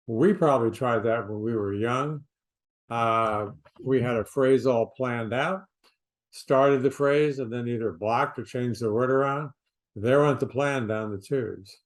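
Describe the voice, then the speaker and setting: A middle-aged man teaches as a speech coach, talking straight to the listener. He speaks very slowly and deliberately, in short planned phrases with pauses between them, at a medium pitch. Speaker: stuttering specialist and coach. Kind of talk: direct-to-camera speech therapy lesson.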